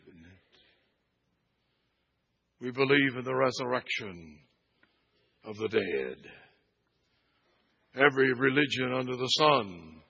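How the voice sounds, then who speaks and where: A male pastor preaching a sermon, swinging between loud exhortation and hushed repetition. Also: medium pitch, gravelly, slightly rough. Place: church sanctuary. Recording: dull, echoey church sound.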